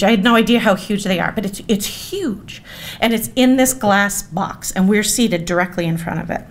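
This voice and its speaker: A woman, around her forties, giving a storytelling speech at a gala, animated and self-mocking, turning often to the audience with asides. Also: mid-range voice, slight background noise. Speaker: speaker at a gala. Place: event hall.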